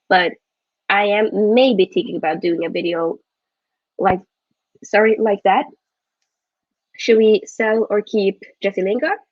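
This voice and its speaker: A woman's voice: medium pitch, no echo, dull audio. A woman hosting a live football watchalong, chatting casually and rambling, often correcting herself mid-sentence. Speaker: football vlogger host.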